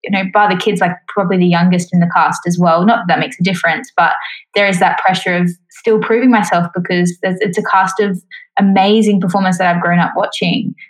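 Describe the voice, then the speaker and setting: A young woman in her twenties chats easily as an interview guest, her voice sitting a little low for a woman. She talks loosely, padding her thoughts with "um" and "like.". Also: steady tone, fairly quick, low-quality recording. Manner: chatty, many fillers like "um" and "like". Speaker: musical theatre performer, guest. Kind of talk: casual interview chat.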